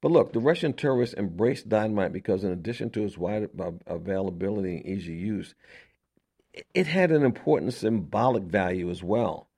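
A man's voice: on the low side, expressive, brisk, darkish tone. A man hosting a radio show, explaining history to listeners in an emphatic, conversational way, asking rhetorical questions and often repeating himself. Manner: repeats words and restarts often. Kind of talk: conversational history lecture on air.

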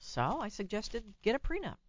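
A woman hosting a call-in radio show as a psychologist, giving blunt, animated advice and laughing at her own remarks. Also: medium pitch, moderate pace, lo-fi sound.

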